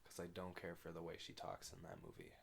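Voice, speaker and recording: A man's voice: deep voice, big pitch swings, fast, vocal fry. A young man co-hosting a podcast, talking bluntly and casually, often saying he doesn't know. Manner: blunt, repeats "I don't know". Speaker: podcast co-host. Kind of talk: casual chat. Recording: faint background noise.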